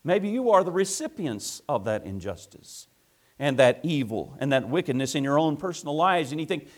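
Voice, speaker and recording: A man's voice: on the high side, very animated, normal speed. Man preaching a fervent sermon. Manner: preaching with rising, swelling emphasis and rhetorical questions. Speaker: pastor.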